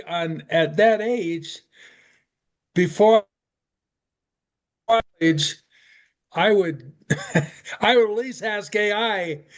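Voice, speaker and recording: Older man, unhurried, slightly high voice, rambling casual talk among colleagues. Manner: rambling, trails off mid-sentence. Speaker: teacher in an online class. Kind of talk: casual chat.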